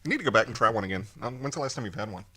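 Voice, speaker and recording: Bright-voiced male podcast co-host. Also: fairly low pitch, expressive, rapid-fire, slight background noise. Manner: storytelling with acted quotes and laughter. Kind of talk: casual chat.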